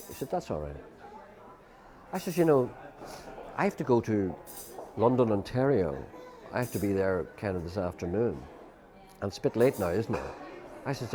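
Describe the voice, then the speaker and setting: A man's voice: lowish voice, darkish tone. An Irish man, a guest musician, telling a long rambling anecdote, quoting people's lines and filling with "you know".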